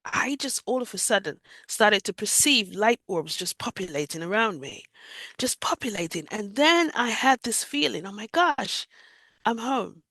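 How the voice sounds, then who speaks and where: Expressive woman telling her story. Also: medium pitch, moderate pace, no echo. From Jamaica. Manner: vivid, emotional retelling. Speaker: guest sharing a near-death experience. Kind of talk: personal storytelling in an interview.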